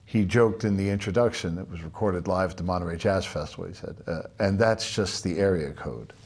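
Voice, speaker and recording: An older man giving a relaxed, chatty drum lesson, with many filler pauses. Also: deep voice, husky. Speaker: drum instructor. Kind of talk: spoken music lesson.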